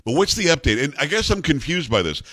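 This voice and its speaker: A man's voice: fairly high pitch, big pitch swings, fairly bright tone, no room sound. A man hosting a talk radio show, who grew up in South Florida, giving emphatic, opinionated commentary. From South Florida, USA. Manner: emphatic, ranting, rapid-fire delivery.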